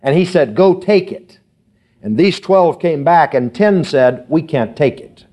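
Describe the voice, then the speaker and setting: A man's voice: on the high side, lively intonation, unhurried, warm tone. A man preaching a sermon as pastor, rising and pressing hard on key phrases. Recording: dull lo-fi sound.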